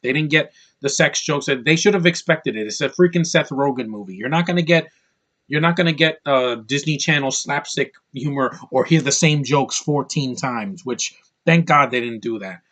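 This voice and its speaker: A man's voice: mid-range voice, moderate pace, a bit bright. A man giving a casual, rambling movie review to camera, opinionated and full of fillers and restarts. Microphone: camera mic, close to camera.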